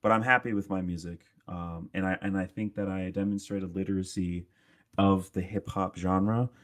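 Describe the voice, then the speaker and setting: A man's voice: sits low, steady tone, moderate pace, fairly bright tone, no room sound, clean studio sound. A man co-hosting a casual podcast chat, rambling with lots of "like" fillers and frequent laughs. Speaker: podcast co-host.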